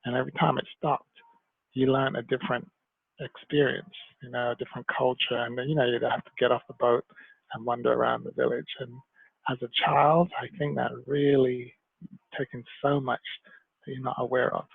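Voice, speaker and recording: A Jamaican-born man telling stories from his life as an interview guest, in an animated way. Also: medium pitch, normal speed, vocal fry, husky, no echo. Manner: animated storyteller, slips into mimicked voices. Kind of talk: conversational interview storytelling. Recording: tinny phone-like line, dry.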